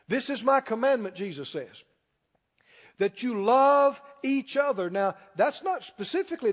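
High-voiced preacher man in an echoing hall. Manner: emphatic preaching, slows and rises on key lines. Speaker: pastor. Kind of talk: sermon. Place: church sanctuary. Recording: dull sound with long hall reverb.

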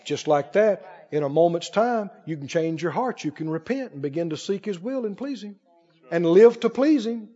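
A man preaching a sermon to a congregation, animated, laughing often and asking them questions. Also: high-pitched, moderate pace, dull audio.

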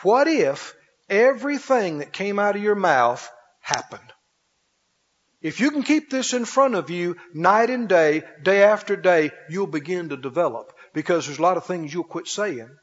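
A man preaching a sermon as pastor, often asking the congregation questions such as whether they are with him. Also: sits high. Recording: dull recording with long hall reverb.

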